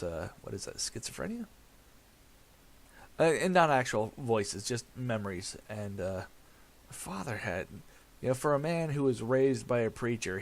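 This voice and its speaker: Man, gameplay commentary, slow talker, rambling, halting fillers, mid-pitched. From America. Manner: rambling, halting with many fillers, self-deprecating laughs. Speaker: gaming channel host.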